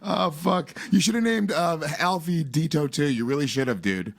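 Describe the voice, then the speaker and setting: A man's voice: fairly high pitch, normal speed, vocal fry, no room sound. A man co-hosting a casual chat, teasing and joking with frequent swearing. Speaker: podcast co-host.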